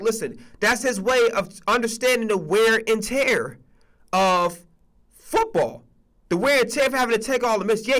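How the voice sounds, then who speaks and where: A man hosting a sports streaming podcast, ranting in a casual, profane, animated way and repeating himself as he vents. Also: sits high.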